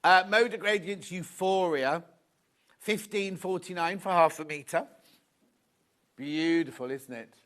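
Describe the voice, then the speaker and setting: A man's voice: high-pitched, a little slow, pauses often, a bit bright. A man presenting a live shopping show from a TV studio, from the UK, giggling often as he reads viewer messages aloud.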